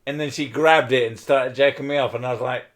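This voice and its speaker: A man's voice: medium pitch, steady tone, quick pace. A young man streaming late at night, drunk, teasing his partner with crude jokes and laughing at himself.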